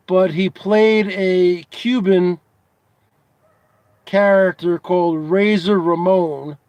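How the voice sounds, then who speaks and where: A man hosting a casual comedy show, asking his audience teasing questions over and over in a drawn-out way. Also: sits high, a little mellow, no room sound. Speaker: host.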